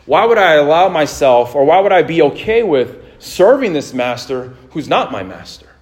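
A man's voice: fairly high pitch, sing-song, normal speed. A man in his thirties preaching a sermon in a casual, conversational way, telling stories and laughing easily. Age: 30s. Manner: casual, anecdotal, laughs easily, many restarts. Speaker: pastor.

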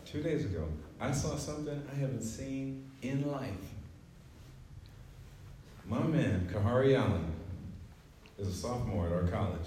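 A man's voice: mid-range voice, mellow, slight background noise. A man in his forties preaching a conversational, joking sermon in a church, laughing often. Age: 40s. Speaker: preacher and track coach. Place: church sanctuary. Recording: echoey hall, mic at a distance.

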